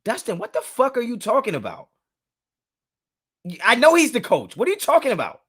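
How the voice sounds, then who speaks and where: A young man hosts a live sports fan talk and answers his chat. His voice sits high for a man. He argues heatedly and repeats words over and over to drive a point home. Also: wildly swooping pitch, fairly quick, a bit bright, slightly rough. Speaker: sports talk show host.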